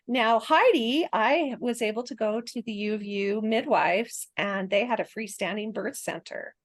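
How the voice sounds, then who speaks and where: A woman's voice: a little high, measured pace, dry recording. A woman in her sixties, a podcast guest, telling her birth story in a chatty way and laughing often.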